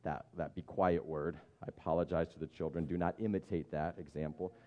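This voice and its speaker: A man's voice: low voice, fairly even intonation, brisk, highs cut off. A man preaching a sermon in a conversational, humorous way, often stopping to restart his sentences. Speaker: pastor.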